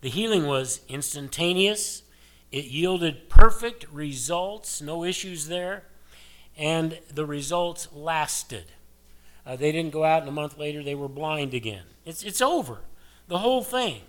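A man's voice: fairly high pitch, expressive, a little slow. An older male pastor preaching a sermon in a conversational way, asking his listeners many rhetorical questions.

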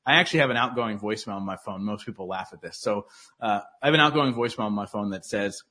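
Talking fast in a low-side voice that's pushed and bright, a man chats as a guest on a podcast in a casual interview. He sounds earnest and motivational, leaning on lots of likes and restarting often.

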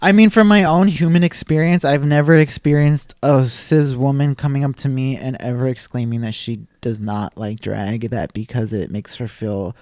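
A man's voice: medium pitch, steady tone, normal speed, hardly any pauses, a little mellow, dry recording. A man hosting a casual podcast chat, laughing often and reading news items aloud from a studio. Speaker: podcast host. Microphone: studio microphone.

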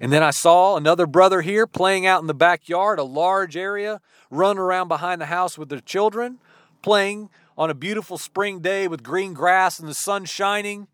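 A man preaching a sermon, telling a story slowly and dramatically and acting out the dialogue. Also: high voice, a bit bright, clear, resonant tone, no echo, clean studio sound.

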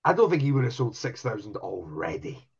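A man's voice: medium pitch, sing-song, brisk, breathy edge. Male comedian co-host, sweary mock-indignant banter over a slightly muffled video call. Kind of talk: casual podcast banter.

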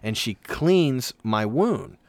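A young man telling a childhood story in a casual chat, animated and self-mocking, with quick asides. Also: mid-range voice, no echo, clean studio sound.

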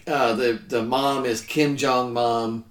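A man hosting a podcast in a relaxed, rambling way, often breaking in to agree. His voice sits at an ordinary middle pitch. The recording has a roomy echo around it. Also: slow. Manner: chatty, affirms often with "yes". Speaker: podcast host. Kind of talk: casual podcast discussion.

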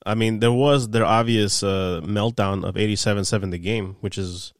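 A man's voice: fairly low pitch, moderate pace, no echo. Young guy on a podcast, swears a lot, acts out convos, dry close sound. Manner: animated, swears freely, acts out quoted dialogue. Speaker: podcast guest, former sports radio producer. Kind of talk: casual storytelling chat.

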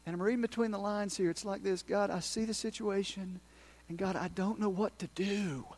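This pastor preaches passionately in a fairly high male voice, steady in tone and at normal speed, breaking into small acted-out prayers and asides to the congregation.

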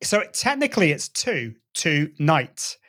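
Man coaching voice technique, slightly high. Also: moderate pace. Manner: explains voice technique with spoken demonstrations. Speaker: guest, voice and presenting coach. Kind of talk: conversational interview.

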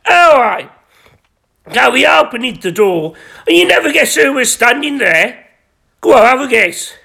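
Very high-voiced crude podcaster. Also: male voice, big pitch swings, normal speed, vocal fry, sharp tone, slightly rough. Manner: rambling, crude, self-important. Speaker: podcast host. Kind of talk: deadpan comic reading of his own erotic story.

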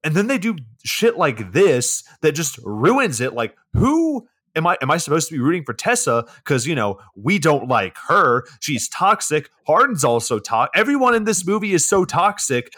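A man's voice: a little high, big pitch swings, moderate pace, sharp tone. A man co-hosting a podcast, ranting about a movie in casual, profane chat. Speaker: podcast co-host.

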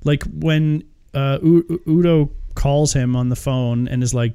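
A man riffing on a film he disliked, his voice mellow and darkish. He stammers through restarts, then launches into exaggerated mock quotes. Loose, swearing podcast banter. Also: medium pitch, normal speed, hardly any pauses, clear, resonant tone. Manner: animated, mocks with put-on quotes, frequent hesitations. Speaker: podcast co-host reviewing a movie. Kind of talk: casual profane chat.

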